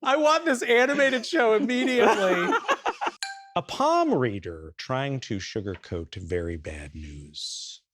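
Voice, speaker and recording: Bright host woman, slow, big swoops. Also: lowish voice, lively intonation. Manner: crisp, playful cut-offs and announcements. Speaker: game show host. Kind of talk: reading comedy prompts.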